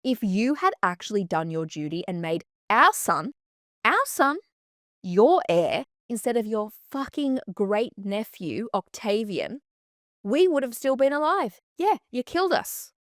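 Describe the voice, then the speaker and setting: A woman's voice: fairly low pitch, sing-song, brisk, no room sound, clean studio sound. A woman putting on a furious queen who scolds her dead lover in sassy, profane outbursts. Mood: scornful, indignant.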